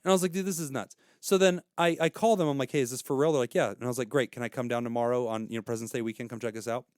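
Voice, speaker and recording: A middle-aged man and podcast co-host, telling an animated, profane story and acting out the people in it. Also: mid-range voice, rapid-fire, no echo, studio quality. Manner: profane, ranting, acts out quoted people. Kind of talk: casual chat, animated storytelling.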